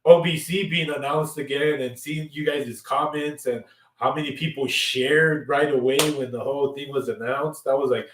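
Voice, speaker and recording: A man's voice: medium pitch, steady tone, normal speed. A man co-hosting a casual chat show, rambling, repeating words and dropping "you know what I mean" over and over. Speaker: co-host. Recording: roomy, from far off the mic.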